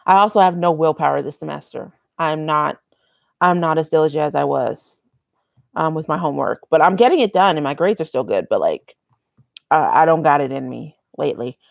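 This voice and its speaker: A woman's voice: sits low, lively intonation, a little fast, vocal fry, no room sound, muffled recording. A young woman vlogging casually, rambling and candid, swearing freely. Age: young adult. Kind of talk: casual vlog monologue.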